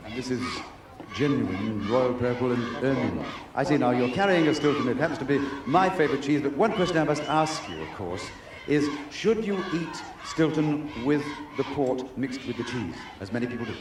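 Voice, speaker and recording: Man, formal theatrical host, echoey, steady background noise. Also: medium pitch, moderate pace. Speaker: game show host. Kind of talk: outdoor show presenting.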